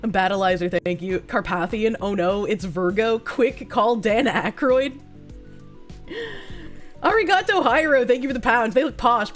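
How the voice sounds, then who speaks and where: A young woman live-streams a guessing game, thinking out loud, laughing a lot and swearing freely as she commentates. Her voice is fairly high and unhurried. Faint music plays behind her.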